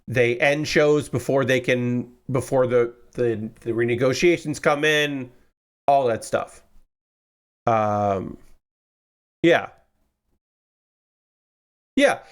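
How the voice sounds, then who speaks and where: A man streaming live while building a model kit, rambling casually with frequent restarts and the odd swear. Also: on the high side. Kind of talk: casual chat.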